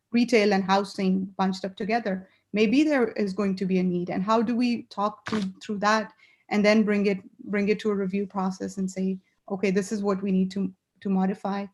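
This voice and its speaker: A woman on a city council speaking in a meeting, earnest and repeating phrases as she works through her thought. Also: medium pitch. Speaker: council member.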